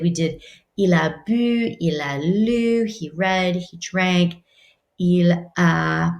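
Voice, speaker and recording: A woman teaching a French class, talking casually in English and slowing down to model French words. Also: lowish voice. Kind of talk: classroom lesson. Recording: echoey room.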